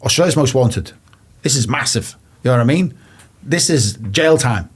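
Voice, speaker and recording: A man's voice: medium pitch, animated, normal speed, husky. A man from England, a guest on an interview show, telling a story bluntly and swearing often, acting out past phone calls. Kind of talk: casual storytelling.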